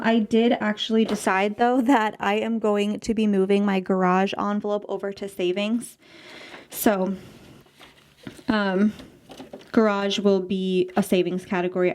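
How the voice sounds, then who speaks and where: A woman's voice: mid-range voice, a little mellow. A woman in her twenties, a budgeting vlogger, chatting in a bubbly, gushing way while stuffing cash envelopes. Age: 20s.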